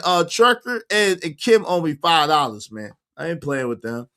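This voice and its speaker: Animated man hosting a live chat. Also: on the high side, moderate pace, hardly any pauses. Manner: animated, laughs often, slangy and emphatic. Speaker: livestream host reading viewer comments. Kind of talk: casual chat.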